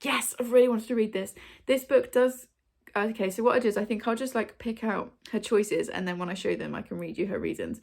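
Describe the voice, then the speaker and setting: Sitting before her shelves at home, a woman hosts a book video, speaking briskly in a mid-range, creaky voice. Her casual chat to camera is bubbly and full of ums and likes.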